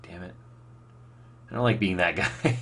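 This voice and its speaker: A man with a slightly low voice talks loosely to his chat on a live stream. He rambles, trips over restarts and fills gaps with "um" and "like". He reads viewer questions aloud and answers them off the cuff. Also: unhurried, fairly bright tone, husky.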